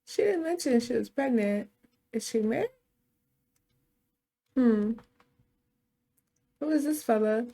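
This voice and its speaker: A woman's voice: fairly high pitch, expressive, slow, creaky, pauses often, mellow. A woman narrating a life-sim game in casual chat, voicing the characters' lines herself. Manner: chatty, voices sim dialogue in quotes. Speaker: gameplay narrator. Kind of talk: casual let's-play storytelling.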